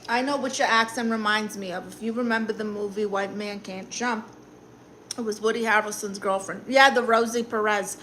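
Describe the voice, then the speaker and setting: A woman's voice: mid-range voice, steady tone, normal speed, a bit bright, slight background noise. A woman with a Brooklyn accent hosting a casual live stream as a comedic aunt, chatting sassily and answering the chat while she eats. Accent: New York, Brooklyn.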